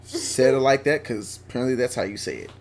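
A man's voice: medium pitch, brisk, a crowd in the background. A man co-hosting a casual sports podcast, bantering defensively and laughing often. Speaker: podcast co-host. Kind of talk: casual chat.

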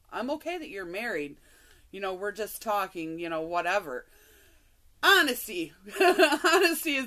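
A woman co-hosting a podcast, telling a story in a casual, animated way, swearing and laughing often. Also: a little high. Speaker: podcast co-host.

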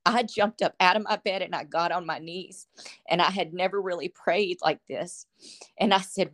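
Low-voiced woman sharing her story. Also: fairly even intonation, normal speed, a bit bright. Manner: earnest, emotional, laughs often. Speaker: podcast guest. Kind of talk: casual faith testimony.

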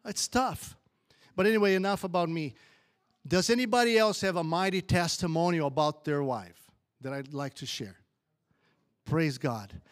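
A man's voice: fairly high pitch, moderate pace, pauses often. A man addressing a church gathering, exhorting and rambling a little as he leads an appreciation of wives. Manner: warm-hearted, exhortative, rambling.

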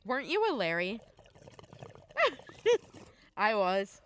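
Woman in her twenties, agreeable chatty podcast host, animated pitch. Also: drawn-out words, a little hiss or hum. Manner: chatty, agreeable, filler-heavy. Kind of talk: casual chat.

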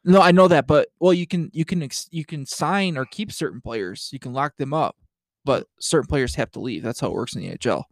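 Fairly high-voiced easygoing man. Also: a little fast, dry recording, studio quality. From Detroit area. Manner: agreeable, frequent fillers and trailing-off phrases. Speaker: podcast co-host. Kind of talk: casual sports talk.

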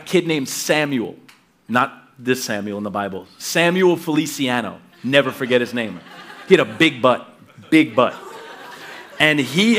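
A middle-aged pastor preaching, reading scripture and telling lively personal stories, acting out voices and laughing as he goes. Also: a little high. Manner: animated storytelling, acts out voices, laughs often.

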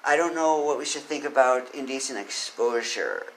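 A man's voice: medium pitch, moderate pace, fairly bright tone, a little hiss or hum, poor audio. A man reading out legal code and giving his opinions, often putting questions to the listener. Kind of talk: solo commentary with read-out legal text.

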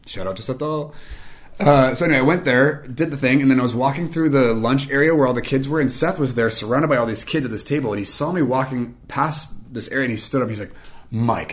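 A young adult man telling a casual, rambling anecdote, animated and self-mocking. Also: on the low side. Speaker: storyteller.

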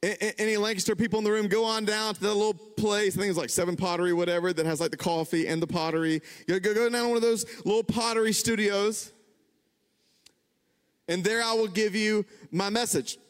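A man preaching a sermon, conversational and animated, building to emphatic peaks. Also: sits high, a little fast, clean tone. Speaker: pastor. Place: church hall. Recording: reverberant church hall.

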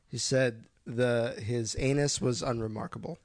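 A man co-hosting a podcast chimes in with dry, deadpan humor. His voice sits at a middle pitch, recorded close and with no room sound. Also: unhurried, no echo. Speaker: podcast co-host. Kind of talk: casual podcast chat.

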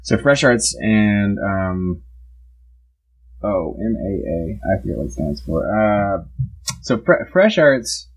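A young man talking casually as a podcast guest, halting, with lots of fillers and restarts. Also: on the low side, very animated, slightly rough, rough recording. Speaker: guest artist and builder.

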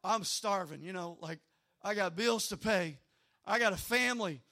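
High, bright-voiced preacher man. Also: moderate pace. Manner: animated storytelling, often repeats words. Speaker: pastor. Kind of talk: sermon with personal story.

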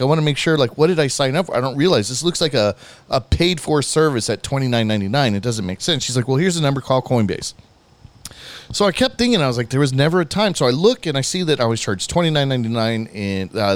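A young man hosting a podcast, telling a rambling story about his day with lots of swearing and animated retelling. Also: mid-range voice, no echo. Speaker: podcast host. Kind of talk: casual storytelling chat.

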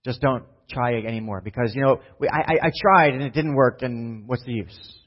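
Male pastor, mid-pitched, conversational and animated, acts out scenes in voices; muffled lo-fi recording. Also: a little fast. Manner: animated, often asks "right?" and acts out Bible scenes in voices. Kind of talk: conversational sermon. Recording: dull lo-fi sound.

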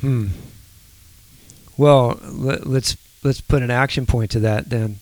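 A man co-hosting a faith podcast, speaking in a soft, reflective, halting way. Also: mid-range voice, steady tone, no echo. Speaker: podcast co-host.

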